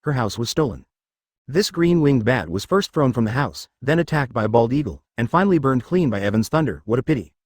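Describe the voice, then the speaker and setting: A man reading a fantasy web novel as scripted audiobook narration, in a rapid, lively storytelling manner. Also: mid-range voice, no echo, clean studio sound.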